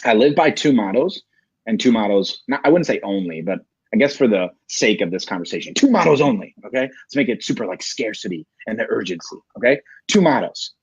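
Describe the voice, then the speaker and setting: A man's voice: lowish voice, lively intonation, brisk, husky, no echo. A man in an interview, giving motivational sales advice and often ending points with "right?". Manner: emphatic, rhetorical "right?" tags. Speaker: sales coach, interview guest. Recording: dry, muffled lo-fi sound.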